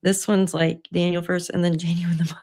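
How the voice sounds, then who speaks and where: A woman's voice: lowish voice, little pitch movement, fairly quick, darkish tone. A woman hosting a casual livestream from home, chatty and laughing often, swearing freely. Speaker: livestream host. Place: at home by her computer.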